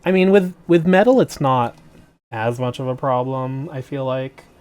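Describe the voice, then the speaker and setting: A clear, resonant, darkish mid-range voice at normal speed comes from a man painting miniatures on a livestream. Chatting casually and with jokes to viewers at a desk mic, he often drops off mid-sentence and restarts.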